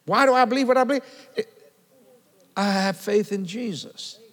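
An older man delivers an animated sermon in a husky, somewhat high voice. He tells stories and keeps checking in with the congregation, and his words ring out with a long reverb from the church hall. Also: normal speed. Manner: animated storytelling, calls and responses with the congregation. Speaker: preacher.

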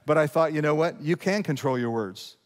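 A middle-aged man preaching a sermon to his congregation in a conversational way, often restarting his sentences and slowing down to read verses. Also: on the high side. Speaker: pastor. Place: church sanctuary. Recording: long hall reverb.

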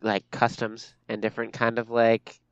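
A man co-hosting a casual film podcast, explaining his view slowly and thoughtfully. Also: mid-range voice, monotone, clean tone, no echo, muffled recording. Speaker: podcast co-host.

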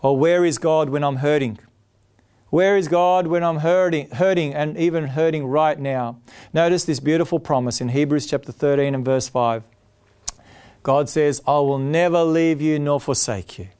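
A man's voice: fairly high pitch, normal speed, darkish tone, smooth. A man preaching a sermon, earnest and emphatic, often repeating his key phrases.

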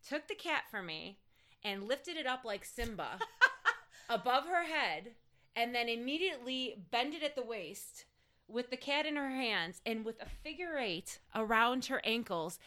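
A giggly woman with a bright, sharp voice chats casually and reacts with quick exclamations. Her pitch sits in the middle range for a woman. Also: clear, resonant tone. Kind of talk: casual chat.

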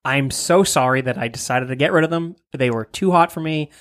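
Podcast co-host, mid pitch, teasing and mock-apologetic, casual banter. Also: a little fast, dry recording, clean studio sound. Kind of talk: casual comedy podcast chat.

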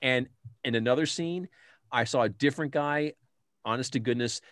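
A middle-aged man in a casual film chat, animated and laughing often as he retells scenes. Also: medium pitch, normal speed, dry recording, studio quality.

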